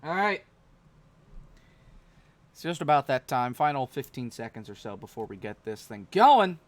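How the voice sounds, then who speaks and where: A man's voice: medium pitch, big pitch swings, normal speed. A man hosting a sim racing broadcast, talking casually and rambling with frequent restarts. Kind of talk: live stream race commentary.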